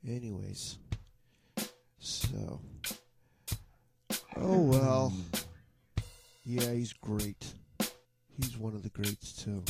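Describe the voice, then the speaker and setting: A man's voice: on the low side, fairly even intonation, vocal fry. Rambling man chatting over faint music. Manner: rambling, halting, chuckling. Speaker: online jam session host. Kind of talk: casual chat.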